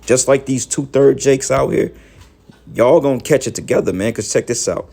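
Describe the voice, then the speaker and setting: A man giving heated, profane preaching commentary, scolding his listeners and rising to shouts. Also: mid-range voice, moderate pace, gravelly. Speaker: religious commentator.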